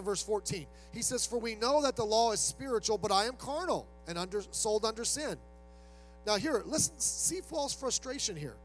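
A man with a high voice delivers a sermon in a relaxed, conversational way and slips into the voices of the people he quotes. Soft music plays under him, and a mains hum sits in the background. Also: low-quality recording. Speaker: pastor.

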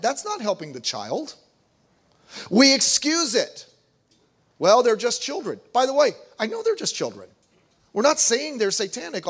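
A middle-aged man preaching a sermon, reading scripture aloud and acting out quoted voices with animation. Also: high-pitched. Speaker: pastor.

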